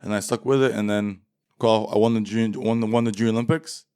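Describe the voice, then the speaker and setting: Laid-back low-voiced man, rambling casually. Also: steady tone, fast talker, darkish tone, clear, resonant tone. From England. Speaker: interview guest. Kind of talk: casual interview chat.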